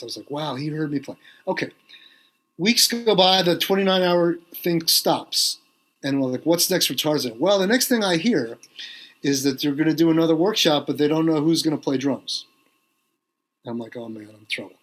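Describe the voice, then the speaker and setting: A middle-aged man tells a story as a podcast guest, switching into lively voices as he quotes other people. His speaking voice sits on the higher side for a man. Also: moderate pace. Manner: animated anecdote-telling, quotes others in varied voices. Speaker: guest drummer.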